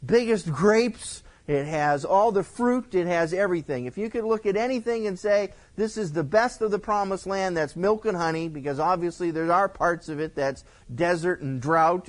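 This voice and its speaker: A male pastor works through scripture verse by verse, stopping to explain in plain everyday words. His delivery is conversational, with casual asides and restarts. He sounds like he is teaching a congregation. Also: high-pitched.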